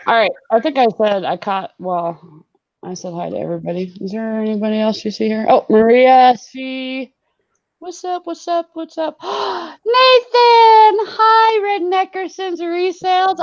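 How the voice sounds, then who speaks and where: A bubbly, somewhat high-voiced woman hosts a live online hangout, chatting and laughing as she reads out viewer comments. Her voice is dry and close but comes through dull, lo-fi video call audio. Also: darkish tone, dry recording. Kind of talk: casual live-stream chat.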